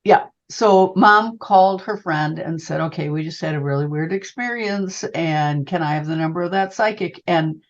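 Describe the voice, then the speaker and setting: A woman's voice: deep voice, moderate pace, few pauses. An older woman, a psychic medium, telling a personal story in an interview and calling the listener honey. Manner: animated, calls the listener honey. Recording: dull lo-fi sound.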